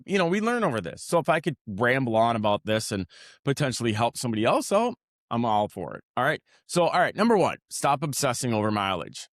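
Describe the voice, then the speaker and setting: A man's voice: medium pitch, a bit bright, dry recording, clean studio sound. A man hosting his own podcast, ranting in a rambling, profane way with many restarts before settling into casual talk about his work in healthcare. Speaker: podcast host; healthcare worker.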